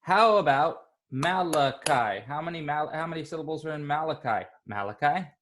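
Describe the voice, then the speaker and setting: A male teacher leading an online class, speaking slowly and patiently and encouraging the children. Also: fairly high pitch, lively intonation, fairly bright tone, a little hiss or hum. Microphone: computer mic on a video call.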